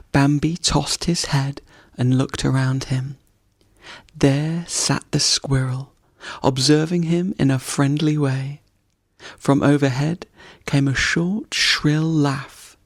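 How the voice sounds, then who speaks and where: A man reads a bedtime story at an unhurried, very slow pace. His voice has a gravelly, creaky texture, and the recording is dry and close. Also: fairly high pitch, little pitch movement, no echo. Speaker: audiobook narrator.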